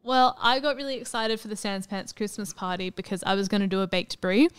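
Smooth-voiced woman chatting on stream. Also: mid-range voice, steady tone, fairly quick, no room sound. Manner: chatty, laughs often, swears freely. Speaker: streamer co-host. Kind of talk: casual chat over gameplay.

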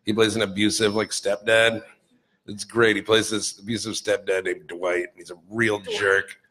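A man's voice: fairly low pitch, flat delivery, moderate pace, fairly bright tone, breathy edge. A young man hosting a loose comedic chat show, rambling along and laughing often. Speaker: host.

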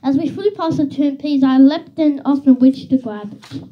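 A woman reading a children's book aloud in an expressive storytelling manner, on a slightly dull recording with faint hiss. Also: high voice, normal speed. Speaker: reader.

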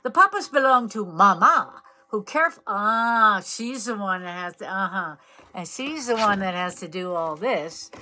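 A woman's voice: medium pitch, expressive, measured pace, bright, forceful tone, slight background noise. A woman co-hosting a casual museum video, chatting playfully and teasing her partner, and at times reading a poem aloud. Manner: playful, teasing, jumps in to finish points.

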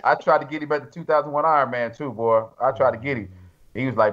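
40s guy reminiscing, laid back, slangy, mid pitch, slightly muffled audio. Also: fast. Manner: relaxed, reflective talk with casual slang and asides. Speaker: guest. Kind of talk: casual reflective chat.

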